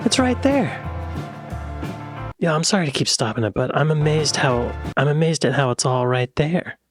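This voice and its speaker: A man hosting a reaction video. He talks in a playful, joking way and often drops into soft whispered asides. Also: on the high side, expressive, moderate pace, music in the background. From United States. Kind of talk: casual reaction commentary.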